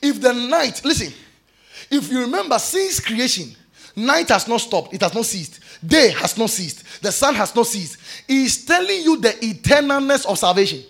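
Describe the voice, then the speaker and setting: Man, preacher, very high voice, gravelly, shouts scripture, hushed prayers. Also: big pitch swings, normal speed. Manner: shouts scripture, then drops to soft prayer. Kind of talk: sermon.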